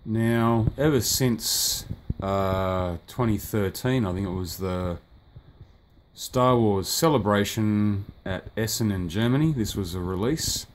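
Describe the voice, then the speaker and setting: Low-voiced, rambling man reviewing toys. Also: slow pace, a little hiss or hum. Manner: rambling, offhand, swears at the sunlight. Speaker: toy collector reviewing a figure. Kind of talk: casual unboxing review. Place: indoors by a sunny window.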